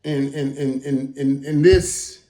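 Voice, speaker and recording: A man in his fifties hosting a casual reaction monologue, talking emphatically with stammered restarts and dropping into low mutters. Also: fairly even intonation, takes it slowly, warm tone. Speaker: host. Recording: roomy echo.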